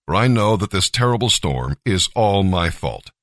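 A man's voice: low voice, very animated, normal speed, fairly bright tone, no room sound, clean studio sound. A man voicing a penitent runaway prophet in a scripted scripture reading. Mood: solemn.

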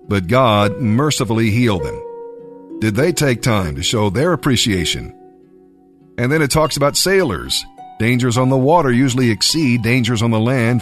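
A man preaching and reading scripture aloud, with expressive pacing that lingers on key phrases. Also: medium pitch.

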